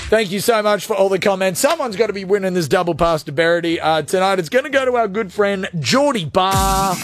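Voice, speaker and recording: A male radio host with a high-pitched voice chats casually and reads out listener comments. His delivery is animated and jokey, quick to laugh. Faint music plays underneath him. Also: no room sound.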